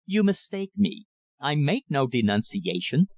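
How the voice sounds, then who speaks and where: A man voicing an older, thin-faced country rector with a slow clerical drawl and a cynical edge. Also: fairly high pitch, very animated, a little mellow, dry recording, exaggerated voice. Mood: grave, warning.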